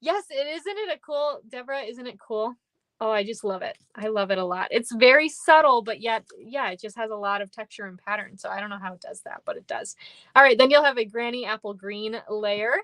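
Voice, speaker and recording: A woman's voice: a little high, animated, a little fast, a bit bright, dry recording. A woman running a live card-making tutorial, chatty and upbeat, thanking viewers by name as she works. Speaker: papercraft demonstrator. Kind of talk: live-stream craft tutorial.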